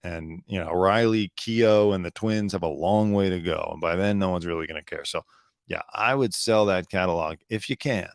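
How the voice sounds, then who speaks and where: A man's voice: low voice, normal speed, no echo, clean studio sound. A man hosting his own show, talking casually and sarcastically, rambling and swearing freely. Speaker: show host. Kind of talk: casual solo commentary.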